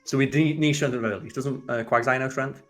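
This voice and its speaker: Let's play co-host: man, middle pitch, sweary exasperated banter, faint game music underneath. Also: steady tone, fast. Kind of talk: casual gameplay commentary.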